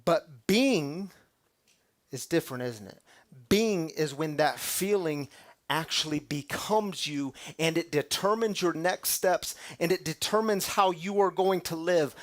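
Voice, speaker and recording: Male pastor, fairly high voice, chatty sermon style with sudden quiet moments. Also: unhurried. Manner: dramatic shifts from loud to hushed; conversational, calls the audience y'all.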